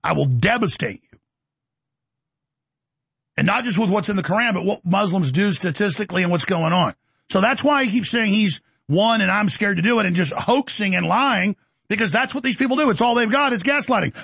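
A man's voice: high-pitched, lively intonation, fairly quick, creaky, slightly rough, dry recording. A middle-aged man hosting a talk show, ranting in a combative, blustering way. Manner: combative, blustering, loud bursts. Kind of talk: heated talk show rant.

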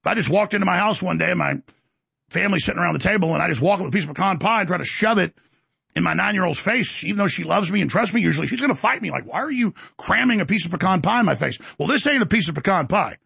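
A man's voice: expressive, racing, vocal fry, bright, forceful tone, husky, dry recording. A middle-aged man hosting a talk show, ranting emphatically and acting out quotes. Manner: heated, emphatic, acts out quotes in higher voice. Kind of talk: ranting monologue.

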